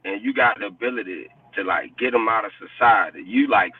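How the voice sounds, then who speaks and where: A man's voice: fairly low pitch, expressive, fairly quick, husky, dry recording. A man in a heated casual debate, blunt and profane, insisting on his point and repeating himself. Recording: distant, dry, phone-like sound.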